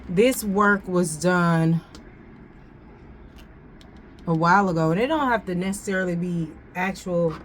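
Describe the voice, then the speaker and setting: A woman reads tarot in a slow, unhurried way, dwelling on each card. Her voice sits a little low, and her talk is slangy and loose, with phrases repeated as she works things out. A faint hum of the room sits behind her. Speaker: tarot reader. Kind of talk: casual tarot reading.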